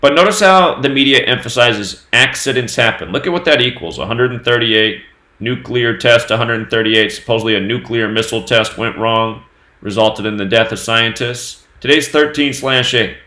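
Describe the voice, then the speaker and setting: A man hosting his own news channel, talking on his own through dates and number sums in a steady, running commentary. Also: mid-range voice, normal speed, reverberant. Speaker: host of a numerology news channel.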